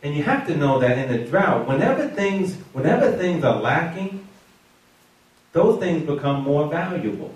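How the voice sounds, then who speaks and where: A man preaching a sermon with animated call-and-response, often laughing as he tells the story. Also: a little high, normal speed. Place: church. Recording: echoey room from far off.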